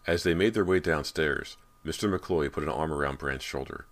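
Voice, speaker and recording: Brief: male audiobook narrator, extremely low voice, measured and steady horror storytelling.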